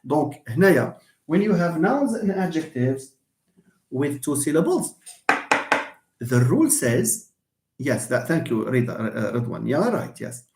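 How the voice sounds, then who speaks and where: Lively Moroccan-accented man teaching English. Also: fairly high pitch, normal speed, long pauses, a little hiss or hum. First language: Moroccan Arabic. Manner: animated, mixes English and Arabic, acts out stress examples with a laugh. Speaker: English lecturer. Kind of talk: live online lesson. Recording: roomy echo.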